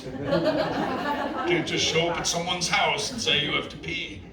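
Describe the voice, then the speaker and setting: A man's voice: fairly high pitch, steady tone, moderate pace, pauses often, a loud crowd. A man from Detroit doing a brash, profane stand-up set at a bar gig. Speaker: stand-up comedian. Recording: echoey bar from far off. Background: loud audience and bar noise.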